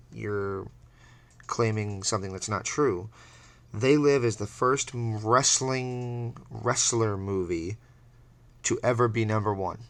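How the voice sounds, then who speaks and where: A man hosting a radio show who gives his opinions in a direct way. His voice sits low. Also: no room sound. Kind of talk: scripted show commentary.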